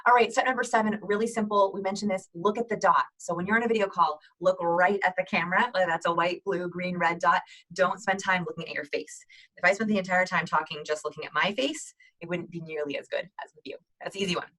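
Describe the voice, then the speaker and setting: A bright, fast-paced woman coaching viewers through tips in an upbeat instructional video. She talks with lively energy in a slightly low voice and breaks into quick demonstrations of greetings. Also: poor audio. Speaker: host giving video call tips.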